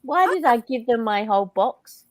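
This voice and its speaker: A woman's voice: fairly high pitch, animated, moderate pace. An Australian woman co-hosting a craft chat, chatty and laughing often as she reads out viewer comments. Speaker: craft show co-host. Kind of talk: casual chat while crafting.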